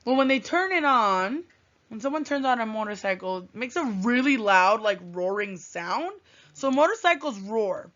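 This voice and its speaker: Bright, sing-song woman teaching little kids. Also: on the high side, animated. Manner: thinks aloud with slow, drawn-out hums; gentle, encouraging, sing-song classroom delivery. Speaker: first grade teacher. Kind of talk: remote writing lesson for young children. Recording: dull lo-fi recording.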